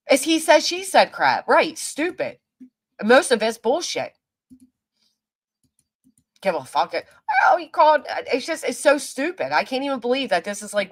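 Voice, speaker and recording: A woman live streaming, ranting angrily with heavy cursing and talking back to her chat. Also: mid-range voice. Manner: heated, profane, talks back to chat. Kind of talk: angry livestream rant.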